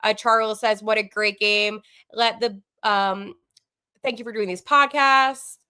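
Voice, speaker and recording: A woman hosting a live sports podcast from home, gushing and flustered, breaking into fast asides full of fillers as she chats through the game. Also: mid-range voice, steady tone, pushed and bright, clear, resonant tone. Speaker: podcast host. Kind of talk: excited live post-game sports chat.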